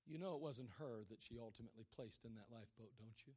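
A male preacher giving a sermon, telling a story dramatically and swinging from hushed lines to shouted ones. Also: mid-range voice, quick pace, slightly rough.

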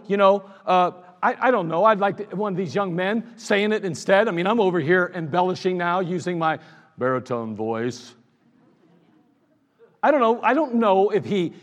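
High-voiced guy preaching, bouncy sing-song delivery, acts out the lines, big church echo. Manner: animated storytelling, acting out quoted lines. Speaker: pastor. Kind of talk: sermon. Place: church sanctuary. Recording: echoey church hall with long reverb.

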